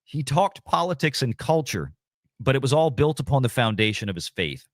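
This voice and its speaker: A man hosting a livestream, talking in a somber, halting way with many pauses. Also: mid-range voice, sing-song, dry recording, clean studio sound. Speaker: livestream host. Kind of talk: casual livestream commentary.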